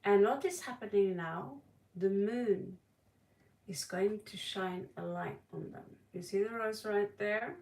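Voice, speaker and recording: A woman with a Norwegian accent giving a tarot reading on a livestream, talking dramatically with sudden loud stresses. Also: mid-range voice, unhurried, distant mic. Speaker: tarot reader. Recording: echoey room, voice a bit off-mic.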